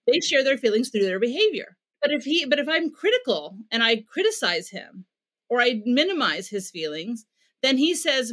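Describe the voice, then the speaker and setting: A woman's voice: a little high, sing-song, normal speed, a bit bright. Earnest American woman explaining parenting. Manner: earnest, explanatory, acts out quoted dialogue. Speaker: parenting expert guest. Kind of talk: podcast interview, explaining advice.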